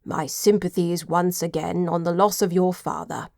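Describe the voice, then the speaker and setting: A woman voicing an elderly male butler in his seventies, formal and devoted, speaking slowly and softly. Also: on the low side, steady tone, creaky, dry recording, studio quality.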